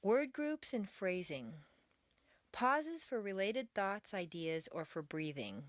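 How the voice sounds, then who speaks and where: A woman teaching a recorded pronunciation lesson, reading example sentences slowly and deliberately with exaggerated intonation for learners to repeat. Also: mid-range voice, sing-song, no echo. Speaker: accent training instructor.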